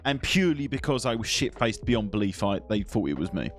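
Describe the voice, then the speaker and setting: Man, casual live-stream host, swears freely, very animated pitch. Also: brisk, soft background music. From England. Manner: swears, rambling, talks to chat.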